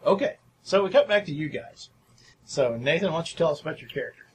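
A man's voice: on the high side, animated, fast. Man narrating a horror tabletop game. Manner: cinematic, descriptive storytelling. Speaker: game master. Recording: faint background noise.

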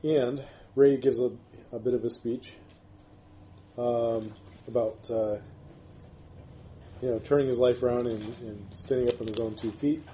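A man's voice: medium pitch, fairly even intonation, unhurried, long pauses, warm tone, a little hiss or hum, poor audio. A man acting as game master, hesitantly narrating a scene with frequent fillers.

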